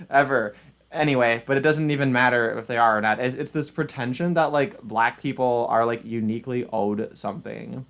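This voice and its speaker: A male streamer hosting a loose, opinionated chat. He rambles and tends toward sarcasm, stumbling over his words as his thoughts run ahead. His pitch sits in an average middle range. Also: fairly even intonation, moderate pace, creaky, fairly bright tone. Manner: rambling, sarcastic, frequent restarts and laughs. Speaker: streamer and channel host.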